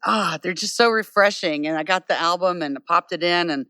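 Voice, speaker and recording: Bright-voiced woman musician, easygoing chat. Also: on the low side, brisk, no room sound. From United States. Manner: easygoing, enthusiastic, warm praise. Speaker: singer-songwriter guest. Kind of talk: casual interview chat. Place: on stage at a bar.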